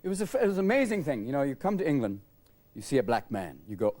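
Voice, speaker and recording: A man on a TV talk show telling comic stories and switching rapidly into put-on voices, with studio audience laughter around him. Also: medium pitch, big pitch swings, a little mellow, a little hiss or hum. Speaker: talk show guest, comedian.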